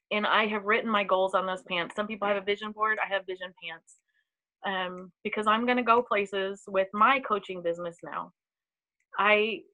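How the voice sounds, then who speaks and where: A woman telling her personal story in a heartfelt, halting way, with many pauses and ums, on a live video. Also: medium pitch, pushed and bright, rough recording. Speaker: team member sharing a testimonial. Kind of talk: emotional personal testimony.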